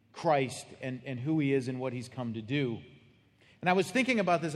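A man's voice: a little high, long reverb tail. A man preaching a sermon as pastor, telling stories in a plain, earnest, conversational way.

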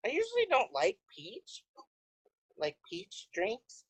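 A woman co-hosting a podcast in casual chat, rambling through her thoughts with many pauses. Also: a little high, huge pitch swings, husky, dry recording, poor audio. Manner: rambling, hesitant with fillers. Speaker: podcast co-host.

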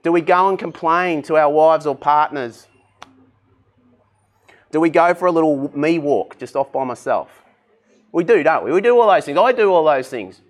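A man preaching a sermon, energetic and conversational, asking the congregation direct questions. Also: a little high, normal speed, pauses often. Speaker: pastor.

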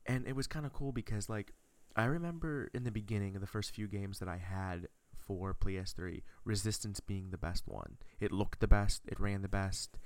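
A young man chats into the mic for his podcast, telling a long story with eager, rambling energy. His voice is low and smooth. The sound is dry and close. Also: moderate pace, hardly any pauses, no echo. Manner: enthusiastic, rambling with restarts. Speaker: podcast host. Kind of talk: casual storytelling chat.

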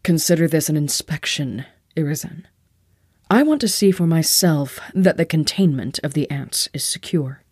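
A woman voicing a male emperor who speaks firmly and with quiet authority. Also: low voice, expressive, husky, dry recording, studio quality. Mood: stern. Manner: firm, measured, authoritative. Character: stern male emperor, commanding.

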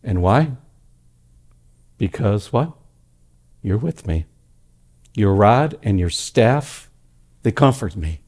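With a fairly low voice, a slow pace and long pauses, a male pastor tells stories in his church service sermon. He preaches with animation, alternating loud emphatic lines with hushed ones.

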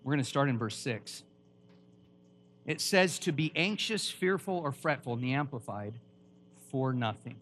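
A man preaching a lively sermon at a church, emphatic and quizzing the congregation with questions. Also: mid-range voice, normal speed, long pauses, slight background noise. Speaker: pastor.

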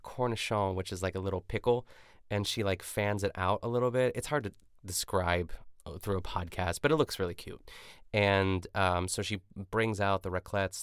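A man with a very low, smooth and resonant voice chats through a cooking-show recap. He rambles, fills his sentences with "like" and keeps correcting himself. He talks into a podcast microphone. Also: no echo, clean studio sound. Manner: rambling, full of "like" and self-corrections. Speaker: podcast host.

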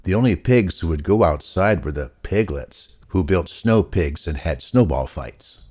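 A man reading a children's story aloud in an unhurried, expressive way. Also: low voice, background noise.

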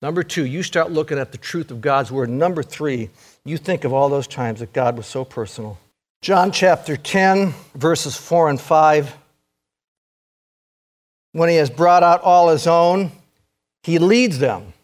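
A man with a high voice preaches a sermon to his congregation. He is earnest and repeats key phrases for emphasis. His delivery swings between loud, urgent calls and quiet, intense passages. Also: unhurried.

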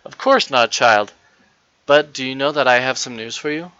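Brisk storybook nurse, man reading, firm and bright, dry sound. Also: mid-range voice, clear, resonant tone, no echo, lightly acted. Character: brisk, relieved children's nurse. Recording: dull, lo-fi dry recording.

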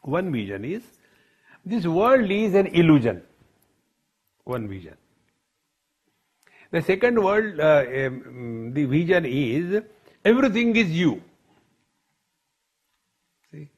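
A man's voice: on the high side, big pitch swings, slow pace, pauses often, a little mellow, husky. A man giving a spiritual discourse as a teacher, telling stories in a playful way and often addressing the audience as friends.

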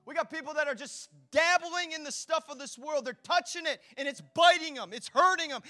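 A man preaching a sermon as pastor, swinging between hushed, intimate lines and loud, rousing ones, with chatty asides and rhetorical questions. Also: extremely high pitch, brisk, hardly any pauses, dry recording, studio quality.

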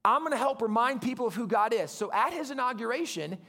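Male guest pastor, animated storyteller, very high voice with a gravelly edge. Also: fast talker. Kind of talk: storytelling sermon.

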